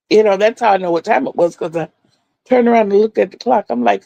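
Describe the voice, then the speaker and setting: A woman's voice: medium pitch, brisk, vocal fry, warm tone, no room sound. A middle-aged woman hosting a crochet livestream, telling stories in a chatty way and answering viewers' comments.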